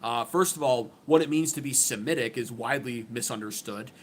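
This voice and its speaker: A man's voice: medium pitch, brisk, a little hiss or hum. A man hosting his own channel, giving opinionated political commentary in an emphatic, sarcastic way, often restarting his sentences. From United States.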